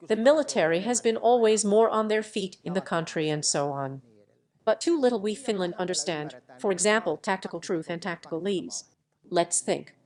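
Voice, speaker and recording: A woman reading a translated lecture and its audience questions, in an even, measured way, announcing each question and answer. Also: medium pitch. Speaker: narrator voicing a lecture Q&A.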